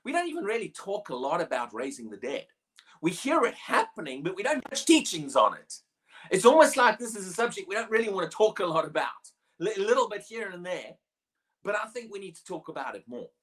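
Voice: mid-range voice, a bit bright. A preacher delivering a sermon in an emphatic way, often repeating and restarting words while building each point.

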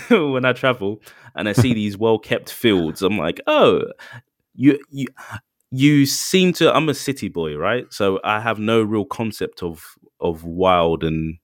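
A man's voice: fairly low pitch, expressive, unhurried, no room sound, clean studio sound. A man co-hosting a podcast in casual chat, rambling with many restarts and acting out little quotes. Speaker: podcast co-host.

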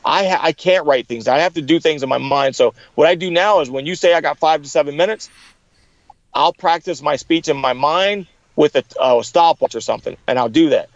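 A man's voice: a little high, fairly quick, dry recording, muffled recording. A middle-aged man in an interview, telling stories with energy and acting out the people he quotes. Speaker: guest. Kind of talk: storytelling in an interview.

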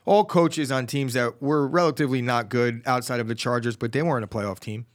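A young man co-hosting a casual sports chat, relaxed, reading out betting odds and giving confident opinions. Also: mid-range voice, fairly quick. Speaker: podcast co-host.

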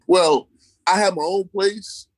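Speaking slowly in a high-sitting voice with no room sound, a man shares his own story as an interview guest. He keeps it casual and colloquial, repeating key phrases to drive them home.

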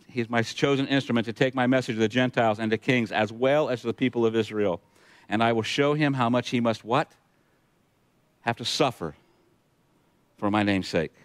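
A man's voice: mid-range voice, no room sound. A male pastor preaching a sermon, retelling scripture with emphatic asides to the congregation.

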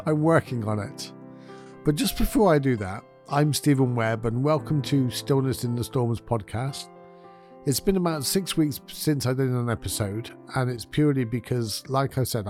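A man hosting his own podcast, talking in a gentle, candid way and thinking aloud. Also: mid-range voice. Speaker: podcast host. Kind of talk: reflective solo podcast talk.

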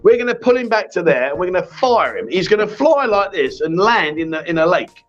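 A man with a fairly high voice hosting a casual live-stream chat, joking with his co-host and reading out viewer comments. The sound is a little dull, with faint music in the background. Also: very animated, a little fast. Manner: banters and reads viewer comments aloud. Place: bar or venue.

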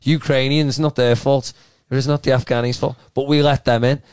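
A man co-hosting a podcast, talking in an animated, opinionated casual chat. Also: mid-range voice, brisk, clean tone, dry recording. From Australia. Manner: animated, opinionated, laughing often. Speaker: podcast co-host.

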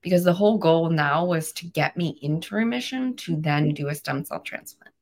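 A woman's voice: deep voice, moderate pace, gravelly. A woman in her thirties, a podcast guest, telling a personal story in an earnest, emotional way. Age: 30s. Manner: emotional, earnest, animated retelling.

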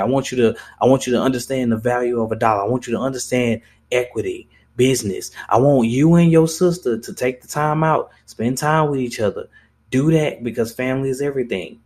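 In a casual, off-the-cuff monologue on his podcast, a young man speaks at normal speed with a steady, mid-range voice. He presses his argument bluntly and passionately, cursing frequently and starting his sentences over.

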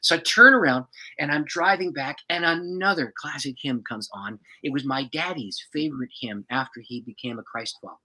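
A man who is a pastor, telling a personal story as a podcast guest in an animated way and chuckling often. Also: a little high, fairly quick, hardly any pauses, rough recording.

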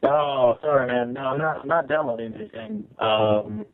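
A man's voice: mid-range voice, animated, moderate pace. A man who works as a game developer, calling in as a guest on a radio show and rambling casually with lots of filler. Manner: rambling, lots of "you know" and restarts. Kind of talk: casual call-in chat. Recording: tinny internet call line.

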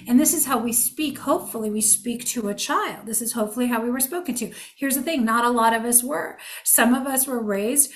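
A woman's voice: fairly high pitch, fairly quick, hardly any pauses. A woman in her forties, a relationship coach, giving an earnest, emphatic motivational talk that repeats phrases for effect.

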